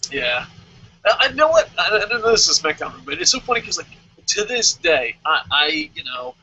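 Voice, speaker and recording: Brief: bright, breathy male host, lively and profane, lo-fi audio. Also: sits high, moderate pace. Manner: animated, swearing, jokey with sung sound effects. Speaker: podcast host. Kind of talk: casual chat. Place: lives in Japan.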